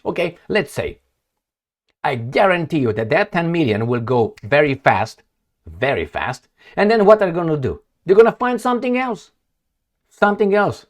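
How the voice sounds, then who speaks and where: His voice is a little high and sing-song, moving at a moderate pace. The Eastern European political commentator, whose first language is Romanian, speaks English non-natively in a sarcastic, heated opinionated monologue aimed at a map.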